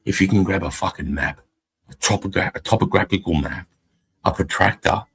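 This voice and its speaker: A man's voice: deep voice, a little fast, creaky, a bit bright, breathy edge. A middle-aged Australian man, an army veteran, talking bluntly and profanely in rambling casual chat on a live stream. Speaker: army veteran podcast co-host.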